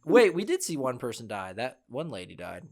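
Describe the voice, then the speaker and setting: A man's voice: mid-range voice, huge pitch swings, fairly quick, a little mellow. A young man co-hosting a casual film review podcast, hesitant and searching for words as he explains his view. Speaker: podcast co-host.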